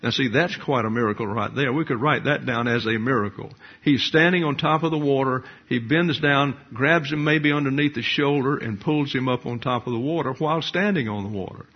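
An older male pastor preaching a sermon in a measured, explanatory way, asking rhetorical questions. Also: mid-range voice. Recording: dull lo-fi recording.

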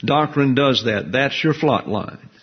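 A man preaching a Bible teaching sermon in a measured, emphatic teaching manner. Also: mid-range voice, husky, lo-fi sound. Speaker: pastor.

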